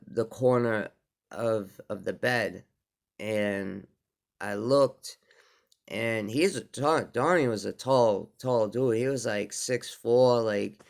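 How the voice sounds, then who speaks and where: Low gravelly male storyteller, unhurried, halting with fillers, smooth resonant tone. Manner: slow, halting, with many fillers and restarts. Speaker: vlogger telling a personal story. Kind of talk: casual spoken storytelling.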